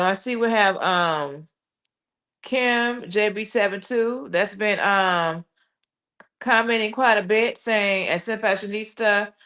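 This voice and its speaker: A woman's voice: mid-range voice, fairly bright tone. A woman hosting a live stream, reading viewer comments aloud and answering them in a chatty, casual way. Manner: chatty, reads comments aloud with quick reactions. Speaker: livestream host reading chat.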